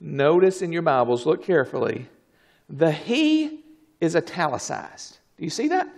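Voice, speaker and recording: A man preaching a fervent sermon, swinging from low murmurs to shouted exclamations. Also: very animated, moderate pace, gravelly.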